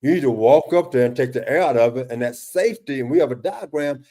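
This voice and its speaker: A man's voice: mid-range voice, animated, fast, warm tone. A man analyzing game film in a casual talk, emphatic and exasperated, with repeated words and restarts as he questions a play. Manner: emphatic, exasperated questioning, often addresses co-host by name. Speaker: football defensive analyst. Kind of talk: casual film-breakdown discussion.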